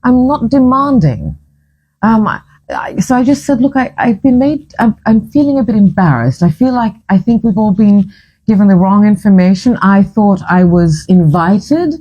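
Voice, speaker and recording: Husky woman telling an emotional story. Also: mid-range voice, animated, normal speed, dull audio. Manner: emotional, rambling retelling with frequent restarts. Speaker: vlogger. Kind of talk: personal storytelling.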